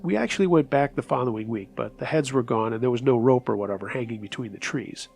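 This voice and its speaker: A man narrating true scary stories as the host of a horror story show, reading in a measured, steady voice. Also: medium pitch, gravelly, faint music behind.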